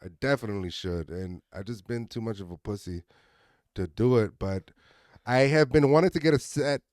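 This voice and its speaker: A man's voice: fairly low pitch, normal speed, darkish tone, no echo. Joking man with a dry close sound. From Miami. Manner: loose, profane, joking. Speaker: guest comedian. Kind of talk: casual podcast chat.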